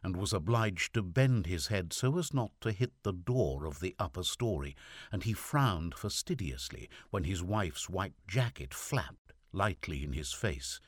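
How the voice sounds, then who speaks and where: A man narrating a classic short story as an audiobook, in a measured, expressive reading. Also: sits low, no room sound, clean studio sound. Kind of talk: scripted narration.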